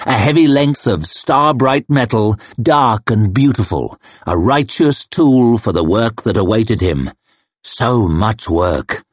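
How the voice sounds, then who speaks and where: A man reading a fantasy audiobook as narrator in a slow, measured manner. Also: medium pitch, no echo. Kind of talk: scripted narration.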